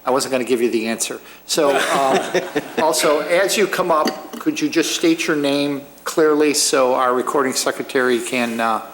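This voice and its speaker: A man in the chair of a village commission calls up the petitioner and swears in the witnesses. He keeps things informal, with light jokes, at a middling pitch over a faint hum. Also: moderate pace, fairly bright tone. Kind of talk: chairing a public meeting. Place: municipal meeting chamber.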